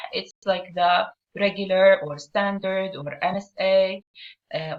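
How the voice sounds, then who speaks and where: A woman's voice: medium pitch, lively intonation, normal speed. A woman, an Arabic teacher explaining a lesson step by step and asking her learners questions. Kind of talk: online language lesson. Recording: dull lo-fi recording.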